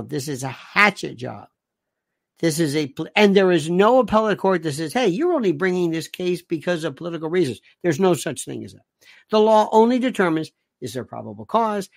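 A man's voice: high-pitched, creaky. A man hosting a political commentary show, talking emphatically and repeating his points. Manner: emphatic, repetitive, hammering points home. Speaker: talk show host.

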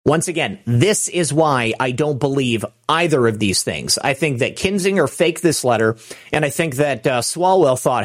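A man's voice: medium pitch, lively intonation, normal speed. A man hosting political commentary in a sarcastic, mocking tone, talking straight to the viewer.

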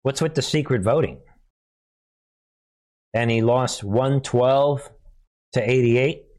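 A man's voice: medium pitch, takes it slowly. Chuckling man hosting political commentary. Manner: animated, chuckling often, addresses viewers as folks. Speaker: political commentary channel host.

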